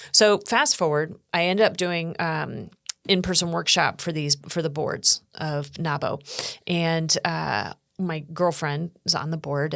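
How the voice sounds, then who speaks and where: A middle-aged woman with a lowish voice recounts her experiences in an earnest, animated way, slipping into the voices of people she quotes. The sound is close and dry, with no room around it. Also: creaky, dry recording. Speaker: guest speaker and coach. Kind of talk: podcast interview storytelling.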